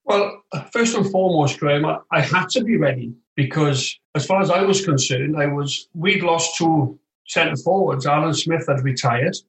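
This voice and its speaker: A man as an interview guest, telling football anecdotes in an animated way and acting out other voices, recorded remotely. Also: on the high side, moderate pace, hardly any pauses. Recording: roomy echo, distant from the mic.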